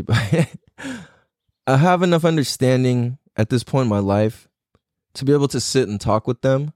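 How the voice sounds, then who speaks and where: A man's voice: mid-range voice, darkish tone, no room sound, studio quality. A man talking in a casual, reflective monologue, loose and profane, full of "like" and "you know".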